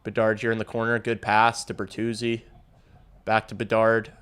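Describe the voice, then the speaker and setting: A man's voice: lowish voice, monotone, moderate pace, fairly bright tone, smooth. A young man hosting a hockey watch-along stream, calling the play casually, swearing freely and talking to his chat. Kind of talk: casual live play-by-play reaction.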